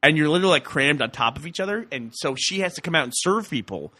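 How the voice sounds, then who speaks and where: Podcast host, Texan guy, bright forward tone, chatty storyteller who keeps laughing, dry studio sound. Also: fairly high pitch, fast, dry recording. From Texas. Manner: animated storyteller, laughs often. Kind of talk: casual chat.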